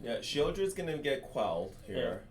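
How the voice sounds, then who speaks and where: A man giving calm, analytical color commentary on a live card game at a card shop. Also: medium pitch, far from the mic, faint music behind. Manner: measured, analytical.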